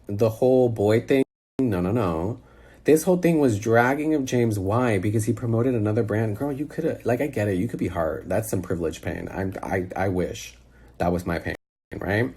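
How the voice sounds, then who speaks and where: A man ranting in disbelief on a phone video call, animated and exasperated. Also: medium pitch, moderate pace, breathy edge. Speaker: social media personality. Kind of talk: casual rant on a video call.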